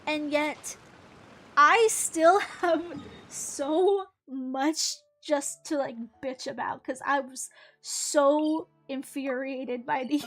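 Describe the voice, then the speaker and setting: A young woman chats while she plays a game on stream, her voice pitched high and bright. She rambles from thought to thought, giggling and dropping casual swears. Soft game music sits faintly behind her. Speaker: gaming streamer. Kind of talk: casual chat while gaming.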